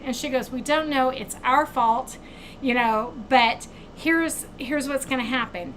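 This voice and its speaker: A woman hosting a craft vlog, telling a long travel mishap in a casual, animated way and acting out the quoted back-and-forth. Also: high voice, moderate pace, slight background noise, rough recording. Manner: animated retelling, acts out quoted exchanges. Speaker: craft channel host.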